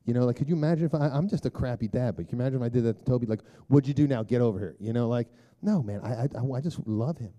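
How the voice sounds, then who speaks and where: Dark-voiced man preaching casually. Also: mid-range voice, rapid-fire, hardly any pauses, lo-fi sound. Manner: conversational, many fillers and throat clearing. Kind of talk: casual sermon with a personal story.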